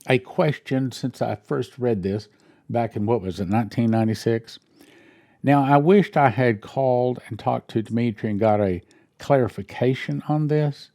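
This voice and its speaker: A church minister reading news headlines aloud and breaking in with wry, sarcastic asides and questions he thinks through out loud. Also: medium pitch, gravelly, no room sound, clean studio sound.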